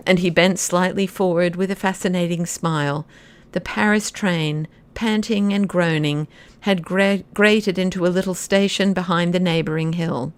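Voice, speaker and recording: A woman giving a measured, expressive audiobook narration of a classic novel. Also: fairly low pitch, smooth.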